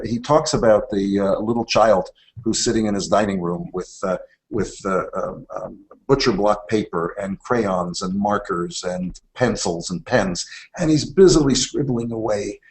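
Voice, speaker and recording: A man's voice: fairly low pitch, normal speed, rough recording. An older man, a university president, talking as a guest and telling stories that build to emphatic declarations. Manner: warm-hearted preacherly delivery, building to emphatic declarations. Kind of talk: conversational storytelling.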